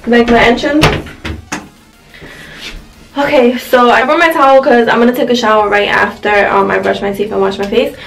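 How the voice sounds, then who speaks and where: A woman's voice: on the high side, fairly even intonation, fast, creaky, hardly any pauses, poor audio. A young woman chatting casually through a get-ready-with-me morning vlog in her bedroom, rambling with lots of "like", still groggy with her morning voice. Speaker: vlogger. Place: bright bedroom.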